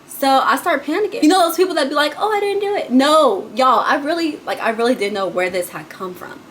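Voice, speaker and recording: A woman telling a personal story in a casual storytime vlog, chatty and dramatic, calling the viewers y'all and swinging between loud and hushed. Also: high voice, animated, a little fast, a little hiss or hum. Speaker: vlogger.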